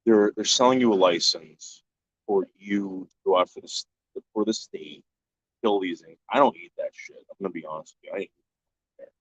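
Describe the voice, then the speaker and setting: A man with a low-pitched voice hosts a live stream, answering chat in casual, blunt, profane talk at a moderate pace and often restarting his sentences. The recording is dull, lo-fi, and dry, with no echo.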